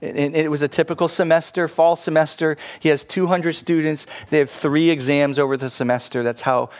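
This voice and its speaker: Brief: male pastor with a fairly high voice, lively sermon storytelling. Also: fairly quick. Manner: animated storytelling, addresses the congregation.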